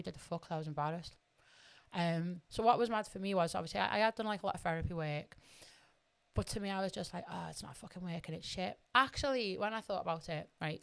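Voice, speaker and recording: Fast-talking sweary woman. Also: mid-range voice, clear, resonant tone. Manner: blunt, sweary, emphatic. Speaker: podcast guest. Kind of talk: candid conversational storytelling.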